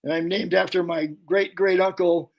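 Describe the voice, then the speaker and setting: A man's voice: sits high, flat delivery, moderate pace, vocal fry. An older man telling anecdotes on a podcast as a guest, rambling and acting out the people in his stories. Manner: rambling anecdotes, puts on voices for quoted people. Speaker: podcast guest, pyrotechnic technician. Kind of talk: casual storytelling.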